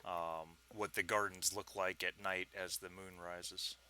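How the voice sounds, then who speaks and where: A man running a tabletop game as game master, narrating with relaxed ums and chuckles. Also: deep voice, a little slow, clear, resonant tone.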